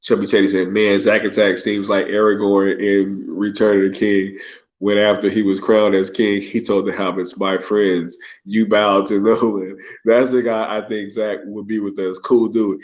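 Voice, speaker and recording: A man's voice: on the low side, flat delivery, normal speed. A man hosting a casual live stream, reading viewer comments aloud and reacting in a laid-back, slangy way, tagging lines with "yo" and "right?". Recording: muffled lo-fi stream audio.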